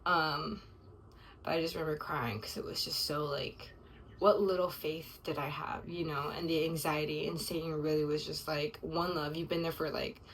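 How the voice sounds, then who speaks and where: A woman's voice: sits low, steady tone, moderate pace, fairly bright tone, far from the mic, a little hiss or hum, poor audio. A young woman sharing a casual, confessional video diary, emotional and rambling, her thoughts full of "like". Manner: emotional, rambling, heavy use of "like". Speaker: vlogger.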